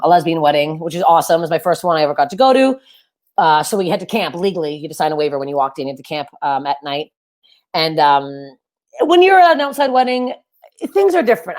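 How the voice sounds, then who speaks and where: Woman comedian, deep low voice, loud and energetic, self-deprecating stories, young adult, webcam sound. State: sweaty and overheated. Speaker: stand-up comedian. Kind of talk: stand-up comedy set. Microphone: webcam for a virtual show.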